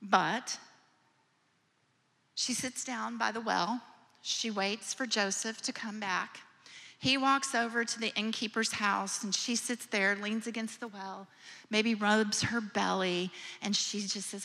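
Slow, bright-voiced woman telling a sermon story. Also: mid-range voice, steady tone, vocal fry. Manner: gentle, imaginative retelling with hushed moments. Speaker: preacher or speaker. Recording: long hall reverb.

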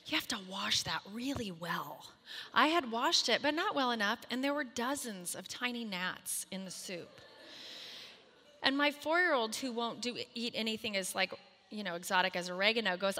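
A woman in her thirties telling a humorous, self-mocking story to a moms' group, animated and acting out the voices in her quotes. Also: a little high, normal speed, long reverb tail.

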